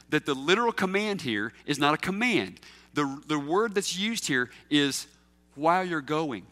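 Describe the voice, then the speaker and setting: A man delivers a sermon with an emphatic, teacherly manner, firing rhetorical questions at his listeners. His voice sits high and sounds bright, with lively swings in pitch. A long reverb from the hall trails after his words. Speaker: pastor.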